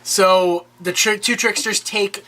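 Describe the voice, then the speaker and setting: Bright-voiced young man, animated chatter. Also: high-pitched, takes it slowly. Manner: animated, laughing, acting out quotes. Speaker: podcast co-host. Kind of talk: casual chat recapping a TV episode.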